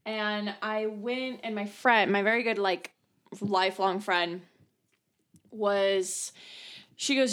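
A woman's voice: mid-range voice, fairly even intonation, takes it slowly, fairly bright tone. Young woman storyteller from the Midwest, casual and chatty, with fillers and swearing. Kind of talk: casual storytelling among friends.

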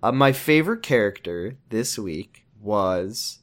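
A man co-hosting a podcast in casual chat, animated, laughing often and swearing. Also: on the low side, takes it slowly. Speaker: podcast co-host.

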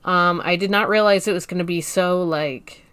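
A woman's voice: fairly low pitch, normal speed, fairly bright tone, clean tone, no room sound. A woman co-hosting a podcast, sharing her first impressions in a hesitant, musing way. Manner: musing, hesitant, laughs easily. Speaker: podcast co-host. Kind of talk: casual podcast chat.

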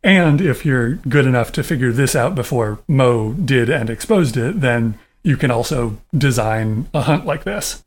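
A man's voice: medium pitch, lively intonation, a little slow, few pauses. A man co-hosting a casual show recap, laid-back with lots of easy agreement. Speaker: podcast co-host.

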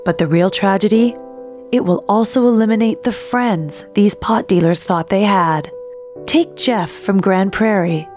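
Woman doing a fake psa voiceover, dead serious tone, guitar music playing clearly under her. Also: mid-range voice, a little slow, a little mellow. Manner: earnest, mock-serious. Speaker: PSA narrator. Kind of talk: mock public service announcement narration.

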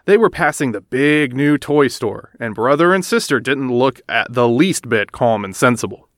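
Animated man reading a storybook. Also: mid-range voice, normal speed, no echo, clean studio sound. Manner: animated, expressive. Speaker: narrator. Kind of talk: children's storybook read-aloud.

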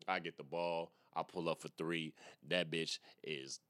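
Low-voiced rambling podcast comedian, a man. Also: fairly even intonation, a little slow, pushed and bright, clear, resonant tone, dry recording. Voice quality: profane, rambling, slangy delivery. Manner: laughs at his own jokes. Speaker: podcast host and stand-up comedian. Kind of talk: casual solo podcast rant.

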